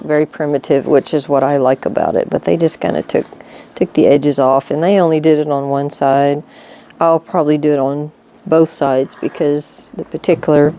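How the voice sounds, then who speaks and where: A middle-aged woman with a low voice talks through her woodworking project in a relaxed, rambling way. Her tone is warm and mellow, and she often thinks aloud as she goes. She is in her home shop, with faint noise in the background. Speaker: woodworking vlogger. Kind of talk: casual how-to chat.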